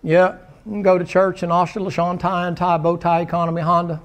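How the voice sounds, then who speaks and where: A pastor with a high-sitting voice and little pitch movement speaks briskly. He preaches a sermon in a church sanctuary, telling folksy, humorous stories while the congregation answers amen.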